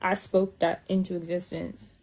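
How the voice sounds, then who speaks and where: A woman's voice: on the low side, little pitch movement, moderate pace, a little mellow. A woman talking as a guest in a casual live chat, chatty and full of fillers.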